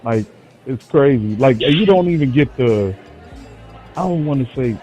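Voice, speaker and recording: A man's voice: mid-range voice, animated, measured pace, warm tone. A man co-hosting a casual chat, speaking candidly from personal experience. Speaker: co-host. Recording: muffled lo-fi audio with faint music.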